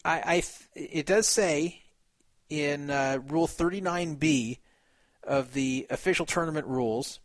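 A man's voice: a little high, a little slow, no echo. A man on a podcast who reads a written account aloud and comments on it in casual chat, with fillers and a few laughs.

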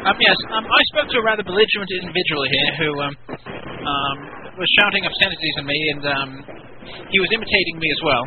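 A man's voice: on the high side, fast, natural voice. Stammering British colonel, pompous, put on by a man, tinny phone-line sound. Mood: indignant. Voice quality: hesitant, stammering, quaint old-fashioned slang. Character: pompous fussy British army colonel, middle-aged man. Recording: phone-like lo-fi with faint noise.

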